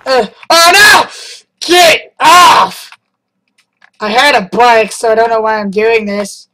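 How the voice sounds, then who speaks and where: A young man commenting on his own gameplay, loud and excitable with frequent yelling outbursts. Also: very high voice, slow pace. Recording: noisy home mic.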